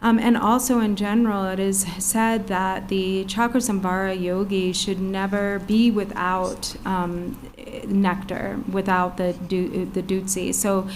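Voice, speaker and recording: A woman interpreting a Buddhist teaching into English, halting and pausing often with filler sounds. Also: mid-range voice, level tone, a little mellow, a little hiss or hum.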